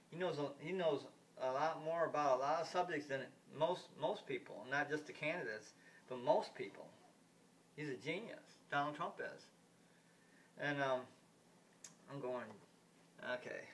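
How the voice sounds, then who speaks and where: A man's voice: on the high side, fairly bright tone, a little hiss or hum. Man ranting, a bit far from the mic. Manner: repetitive, restarts sentences, blunt and indignant. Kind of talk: rambling political rant vlog. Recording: voice distant from the mic.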